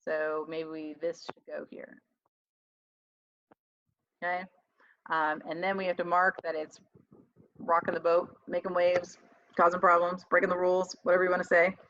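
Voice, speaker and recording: A woman's voice: lowish voice, flat delivery, normal speed, pauses often, a bit bright, dry recording, highs cut off. A woman tutor giving a casual webinar lesson, chatty and self-deprecating, thinking aloud as she writes. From United States. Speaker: reading tutor presenting a webinar. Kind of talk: casual teaching talk.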